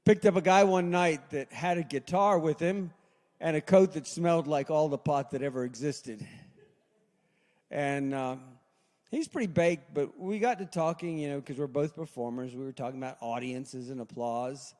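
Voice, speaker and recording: A man in his sixties doing a stand-up set at a live open mic, deadpan, dropping low and quiet for his punchlines. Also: normal speed. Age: 60s. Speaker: stand-up comedian. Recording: long reverb in a hall.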